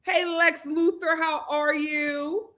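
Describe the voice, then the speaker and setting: A woman hosts a casual livestream from home using a computer mic, her voice sitting high and her pace slow. She's chatty and animated, laughing often as she reads viewer comments aloud.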